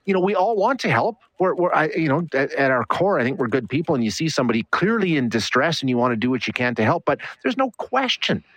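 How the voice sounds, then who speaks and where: A man's voice: a little high, big pitch swings, fast, few pauses, fairly bright tone, dry recording. Earnest man on talk radio. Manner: earnest, repeats words as he thinks.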